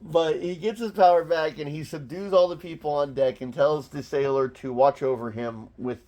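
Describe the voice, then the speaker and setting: A man's voice: fairly high pitch, steady tone, moderate pace, hardly any pauses, darkish tone. A man reading an old comic aloud and breaking off into sarcastic, mock-exasperated commentary. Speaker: comic book reviewer.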